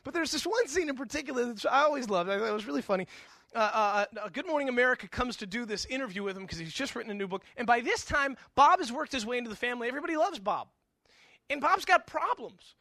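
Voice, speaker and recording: A middle-aged man preaching in a casual, storytelling way, his voice high and bright. He stumbles over repeated words as he goes, animated and engaged. The sound is close and dry. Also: fast, no room sound. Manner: animated storytelling, with frequent stammered restarts. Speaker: pastor. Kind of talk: conversational sermon.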